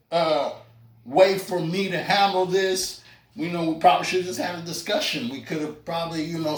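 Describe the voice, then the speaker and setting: A man in doing a stand-up comedy set, loose and chatty, with lots of fillers and asides to the crowd. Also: high-pitched. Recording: roomy club sound from a distance.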